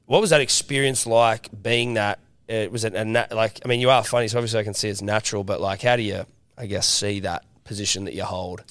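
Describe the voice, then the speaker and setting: A man co-hosts a podcast, putting relaxed, friendly questions to his guest. His voice is fairly low and smooth. It is recorded dry and close, with no echo. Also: quick pace, few pauses. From Australia. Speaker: podcast co-host. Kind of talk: casual interview chat.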